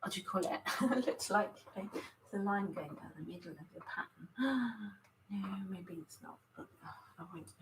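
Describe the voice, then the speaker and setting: A woman's voice: medium pitch, background noise. Chatty woman live-streaming her painting. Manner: chatty, scattered, often laughing, greeting viewers by name. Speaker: artist hosting a live stream. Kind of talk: casual live-stream chat while setting up to paint.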